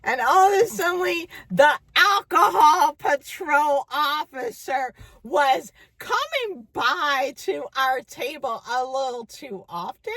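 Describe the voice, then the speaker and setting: A woman telling a personal story in a casual vlog, acting out what people said with sudden jumps in pitch. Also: takes it slowly, few pauses, dry recording. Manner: animated, acts out quotes with big pitch jumps. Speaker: vlogger.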